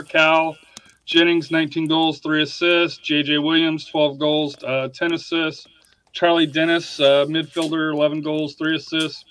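A man's voice: a little high, a bit bright, dry recording. A man hosting a casual sports podcast, reading through stats with lots of "uh" fillers. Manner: reads off stats with many fillers. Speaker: podcast host.

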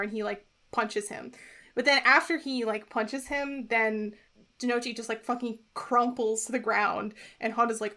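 Young woman podcaster, talky, lots of like, a bit high pitched. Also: little pitch movement, fairly quick, bright, forceful tone. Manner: chatty, lots of "like", retells scenes in quotes. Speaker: podcast co-host. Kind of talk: casual chat recapping an anime episode.

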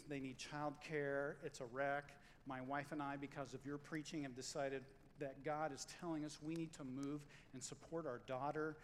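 A man preaching a sermon as pastor, in a conversational, animated way, acting out quotes and stories. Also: medium pitch, in a large hall, a little hiss or hum, poor audio.

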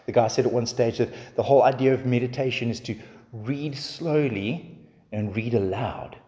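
A man's voice: on the low side, a little mellow, big-room sound. A male pastor preaching a sermon in a building, repetitive cadence, ending in prayer.

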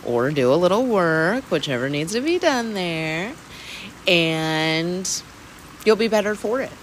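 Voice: mid-range voice, animated, unhurried, a little hiss or hum, poor audio. A person hosting a weekly mindfulness talk, speaking candidly and casually, laughing and swearing now and then. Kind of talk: casual reflective self-help talk. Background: rain.

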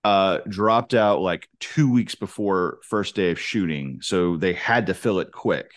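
A man's voice: deep voice, measured pace. A man co-hosting a podcast, casually and frankly giving his opinions about a film. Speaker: podcast co-host.

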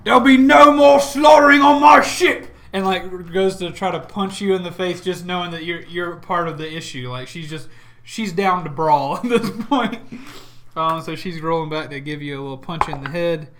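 A man's voice: a little high, moderate pace. A man running a tabletop game as game master, describing the action in a loose, chatty way with plenty of fillers.

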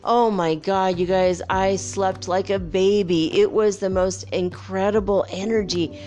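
A woman vlogger casually telling viewers a rambling, animated story, with playful whoops and laughs. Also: mid-range voice, a little slow. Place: home by the Pacific.

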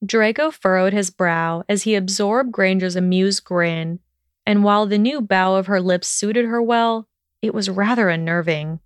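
A woman narrating a fan fiction story in a steady, even storytelling manner. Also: mid-range voice, unhurried, clear, resonant tone, no echo, studio quality.

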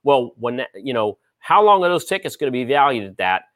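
Man, host, rambling trading talk, fillers, lively pitch, dry sound. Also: brisk, no room sound. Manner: rambling, many fillers, sports analogies. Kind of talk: casual market commentary.

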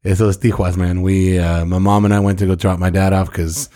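Low-voiced fast-talking laughing man. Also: little pitch movement, warm tone. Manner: laughing, profane, mixes in Spanish phrases. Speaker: podcast co-host. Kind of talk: casual storytelling chat.

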